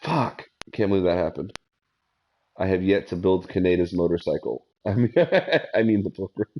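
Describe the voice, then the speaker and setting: A man's voice: low-pitched, animated, normal speed, highs cut off. A man streaming a video game, chatting casually and griping with a lot of swearing. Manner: profane, exasperated griping. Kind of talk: casual gameplay commentary.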